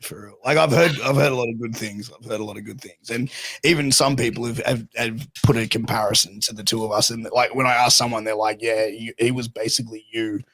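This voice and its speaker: A man's voice: mid-range voice, fast, no echo. A man hosting a podcast, telling long rambling stories with lots of swearing. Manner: profane, rambling, animated storyteller. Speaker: podcast host. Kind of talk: casual storytelling chat.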